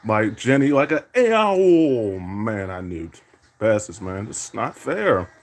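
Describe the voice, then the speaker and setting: A man's voice: on the low side, sing-song, a little slow. A man playing a basketball video game, calling his own plays and teasing his opponent with repeated catchphrases. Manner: trash-talking, teasing opponent; catchphrase-heavy, repeating "indeed". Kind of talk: self-commentary while gaming.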